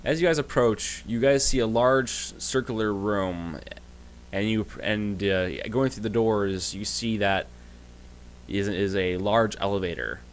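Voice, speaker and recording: A low-voiced man runs a tabletop game as game master, narrating in a halting way and restarting often. A faint hiss sits under his voice.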